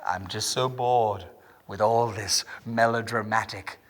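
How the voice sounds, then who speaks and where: A man's voice: lowish voice, fairly even intonation, measured pace, a bit bright. An actor on stage playing a bored, petulant male villain who whines in a sing-song, theatrical way. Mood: whiny, giddy. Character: bored whiny male villain Iago, restless. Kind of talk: live stage acting.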